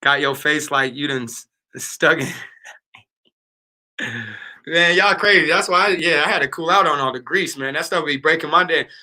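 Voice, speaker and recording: A man's voice: a little high, moderate pace, pauses often, sharp tone. A man in his thirties chatting casually with viewers on a livestream, telling loose stories full of fillers and slang. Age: 30s. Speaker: livestream host.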